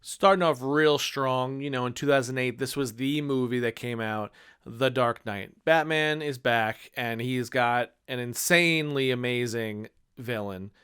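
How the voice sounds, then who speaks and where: A man in his thirties talks through his favorite movies in a casual, enthusiastic ramble full of fillers. His voice is smooth and clear, sitting at a middle pitch. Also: a little slow, a bit bright. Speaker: movie reviewer.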